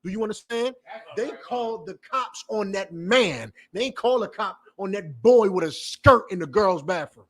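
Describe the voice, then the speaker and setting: A man's voice: high-pitched, expressive, normal speed, fairly bright tone, slightly rough. A man giving a fiery, profane preaching lecture, repeating points and questioning his listeners. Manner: emphatic, repetitive, profane; questions the audience directly. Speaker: preacher and teacher.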